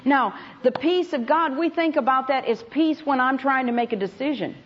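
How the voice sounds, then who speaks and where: A woman's voice: high-pitched, normal speed. Woman preaching on a dull lo-fi tape. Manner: emphatic storytelling, addressing the audience directly. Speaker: Bible teacher at a conference. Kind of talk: sermon.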